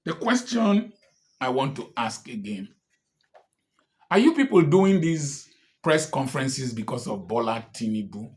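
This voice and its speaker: A man's voice: medium pitch, big pitch swings, measured pace. A man giving impassioned political commentary, firing off repeated pointed rhetorical questions.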